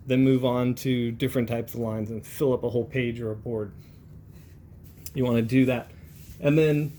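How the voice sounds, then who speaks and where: A man in his forties, a comic book inker, chatting in a relaxed, rambling way as he demonstrates brush inking. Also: mid-range voice, slight background noise.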